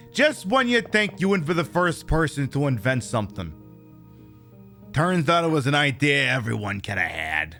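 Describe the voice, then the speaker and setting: Guy streaming a game, bouncy pitch, rambly jokes at his own expense, some game music low behind. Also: bright, forceful tone. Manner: rambling, self-mocking and jokey. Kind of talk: live gameplay commentary.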